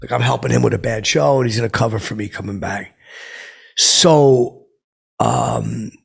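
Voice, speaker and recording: A man playing a gravelly, clueless washed-up comic. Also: medium pitch, normal speed. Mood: rambling. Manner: rambling, stumbling, with many fillers and self-quotes. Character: clueless, boastful, washed-up male stand-up comic. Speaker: character comedian telling a story. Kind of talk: improvised comic monologue.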